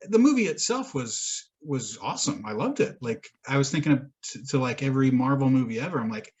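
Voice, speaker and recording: A man chats on a podcast with a husky, middle-pitched voice. He tells a long rambling story, swears freely and laughs often as he goes. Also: lively intonation, brisk, a little mellow. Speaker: podcast co-host. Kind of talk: casual chat.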